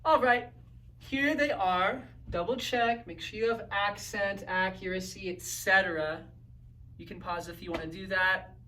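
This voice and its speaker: A man's voice: high voice, measured pace, pushed and bright, far from the mic, a little hiss or hum. A man teaching a recorded grammar lesson in an upbeat, coaching way, often checking in with "right?" and "okay?". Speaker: Spanish teacher.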